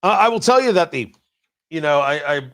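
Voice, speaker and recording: A man's voice: a little high, lively intonation, a little fast, fairly bright tone. A man hosting a political commentary show, sarcastic and exasperated, often stumbling over restarts. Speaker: talk show host.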